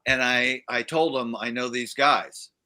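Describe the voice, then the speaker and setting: A man's voice: medium pitch, steady tone, measured pace, sharp tone. A man, a guest musician, telling a rambling story in casual chat on a livestream, with many fillers and restarts. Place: livestream studio.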